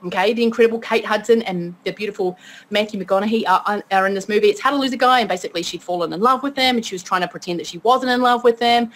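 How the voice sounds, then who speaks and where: A woman's voice: mid-range voice, fast talker, a bit bright, a little hiss or hum. A woman teaching an online course webinar, upbeat and chatty, often checking in with her listeners. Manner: upbeat, chatty, keeps asking okay. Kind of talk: motivational webinar talk.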